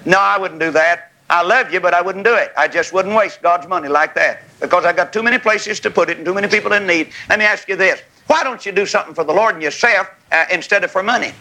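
A man preaching a revival sermon in a tent, folksy and fiery, rising to shouts, with a congregation calling back amens. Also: high-pitched, fast, few pauses, rough recording. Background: congregation calling amen.

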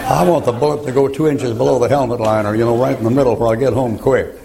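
A man's voice: mid-range voice, steady tone, fast talker, gravelly, crowd noise, rough recording. An older man preaching a folksy sermon full of stories, chuckling as he talks. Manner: folksy storytelling, chuckling, rising to shouted rhymes.

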